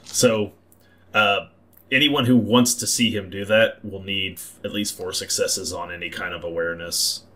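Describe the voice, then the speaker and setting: A man narrating a tabletop role-playing game as game master, describing scenes in a halting, repeating way. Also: low-pitched, fairly even intonation, pushed and bright.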